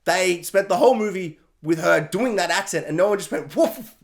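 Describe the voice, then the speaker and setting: High-voiced man ranting about a film. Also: a little fast, gravelly. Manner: animated, exasperated, emphatic. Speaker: film reviewer. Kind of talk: casual ranting film review.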